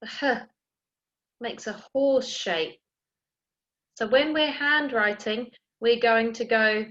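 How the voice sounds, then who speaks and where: A woman teaching an early years phonics lesson, sounding out letters slowly and clearly and encouraging young children. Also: fairly high pitch, fairly bright tone, muffled recording. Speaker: primary school teacher.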